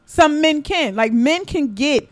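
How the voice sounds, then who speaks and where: Woman, high voice, podcast host, blunt, profane, animated storyteller. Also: slow pace. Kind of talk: casual podcast chat.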